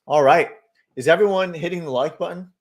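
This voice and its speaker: A man's voice: fairly high pitch, fairly quick. A man hosting a live market stream, speculating loosely about charts and answering viewers' comments with many fillers. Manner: chatty, reads viewer comments aloud and answers them. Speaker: livestream market analyst host.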